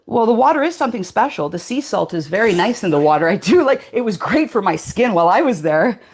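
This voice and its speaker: A woman's voice: mid-range voice, big pitch swings, fast talker, a little mellow. A woman answering interview questions in a hesitant way, with many fillers and restarts. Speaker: interview guest.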